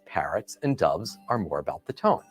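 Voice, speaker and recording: A man's voice: low-pitched, normal speed, husky, faint music behind. A man giving a training video lecture, telling stories and asking the listener questions. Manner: expressive storyteller, asks the listener questions.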